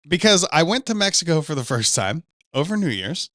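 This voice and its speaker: A man's voice: on the high side, a little fast, no echo, clean studio sound. A man hosting a podcast, swearing freely as he tells stories in casual banter. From Pacific Northwest. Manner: profane, animated storytelling. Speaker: podcast host.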